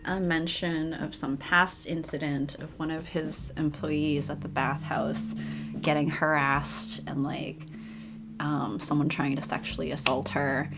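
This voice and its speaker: A woman with a deep voice co-hosts a game stream, speaking in a level tone at a measured pace. She rambles through casual let's-play chat, swearing and laughing, with game music in the background.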